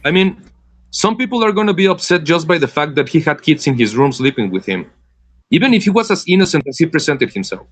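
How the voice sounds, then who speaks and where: A man co-hosting a casual podcast discussion, explaining his points in a measured way. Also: on the high side, big pitch swings. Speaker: podcast co-host. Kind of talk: casual chat.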